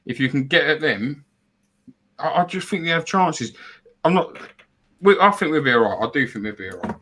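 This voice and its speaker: A man's voice: a little high, lively intonation, moderate pace, fairly bright tone. Chatty football fan man. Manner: chatty, repeats words, reads out donors. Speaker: fan show co-host. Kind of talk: casual football fan chat.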